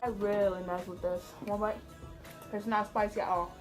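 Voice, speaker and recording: A woman's voice: medium pitch, little pitch movement, normal speed. A young woman chatting over food in a casual vlog, blunt and profane, teasing her friends as she tells a story. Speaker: vlogger. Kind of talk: casual mukbang vlog chat. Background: music.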